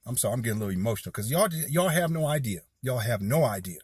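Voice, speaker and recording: A man's voice: medium pitch, animated, fast, slightly rough, no room sound, studio quality. A man in his forties from Southern California giving heated, rambling commentary straight to his viewers, talking to them as "y'all". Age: 40s. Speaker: video commentator. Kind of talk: impassioned direct-to-camera commentary.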